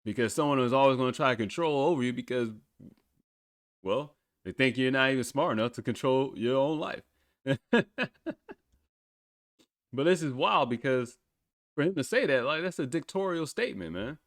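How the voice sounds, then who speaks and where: A man's voice: medium pitch, expressive, moderate pace, long pauses, no room sound, studio quality. A man hosting a podcast in a casual, blunt way, swearing freely and laughing often as he talks. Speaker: podcast host. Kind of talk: casual talk.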